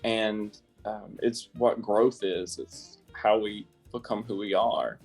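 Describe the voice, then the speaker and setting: A man's voice: fairly low pitch, steady tone, slow, husky, faint music behind. Chatty American man, laughing often. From South Carolina, USA. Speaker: guest. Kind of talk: casual interview chat.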